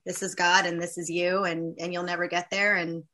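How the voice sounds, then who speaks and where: A woman speaking as a guest in a conversation, telling a personal faith testimony in a candid, halting way with many fillers and restarts. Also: lowish voice, flat delivery, bright, forceful tone.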